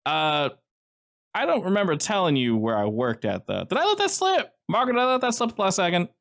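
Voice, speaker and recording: A man's voice: sits high, wildly swooping pitch, brisk, creaky, fairly bright tone, voice pushed up, heavily acted. A man voicing a friendly, talkative male agent who chats in an upbeat, chummy way with casual slang.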